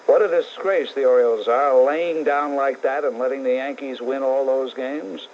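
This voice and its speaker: A man's voice: medium pitch, steady tone, normal speed, darkish tone, slight background noise. A middle-aged man with a New York accent hosting a call-in talk radio show, blunt and sarcastic, ranting at callers and listeners. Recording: muffled old AM radio tape.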